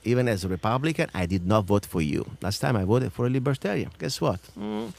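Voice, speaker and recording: A man with a non-native accent hosting a radio talk show, ranting about politics with strong emphasis, swinging from loud outbursts to low mutters. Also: animated, a little fast, vocal fry. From outside the United States.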